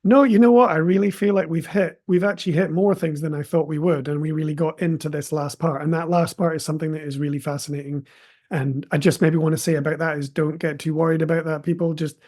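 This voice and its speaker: A man's voice: a little high, level tone, fast, a little mellow. A man speaking as a podcast guest, earnest and reflective, offering encouragement. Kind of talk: conversational interview.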